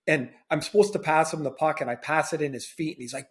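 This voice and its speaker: A former player co-hosts a podcast, spinning casual stories in a chatty, slightly sardonic way and repeating phrases for effect. His voice sits a little high, and he talks fast.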